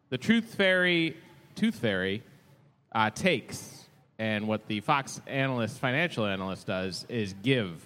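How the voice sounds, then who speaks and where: A man's voice: on the low side, animated, unhurried, fairly bright tone. A man on a comedy game stage, playfully grandiose and mock-serious. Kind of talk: improvised comedy pitch.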